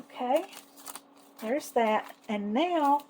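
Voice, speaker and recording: A woman chatting casually as she shows off her savings challenges, fond and unhurried, with lots of little fillers. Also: a little high, warm tone, a little hiss or hum, low-quality recording. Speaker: savings challenge seller and vlogger. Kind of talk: casual product show-and-tell.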